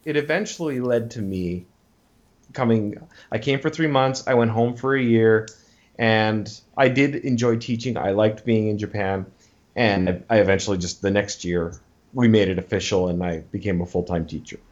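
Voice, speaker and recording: A man's voice: lowish voice, moderate pace, a little mellow, lo-fi sound. A man in his thirties chatting casually as an interview guest, rambling with many restarts and acting out what people said. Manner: rambling, many restarts, acts out quoted voices.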